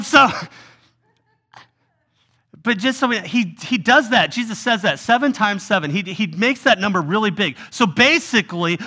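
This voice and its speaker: A man's voice: high voice, sharp tone. A man preaching a sermon as a pastor, telling a story with feeling and acting out voices of people pleading.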